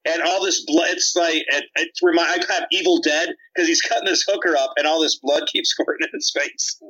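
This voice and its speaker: A man chats casually on a film podcast. His voice is bright and forward, with a husky edge, and he keeps slipping into the characters' voices as he retells scenes. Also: a little high, a little fast, poor audio. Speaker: podcast co-host. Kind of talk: casual chat.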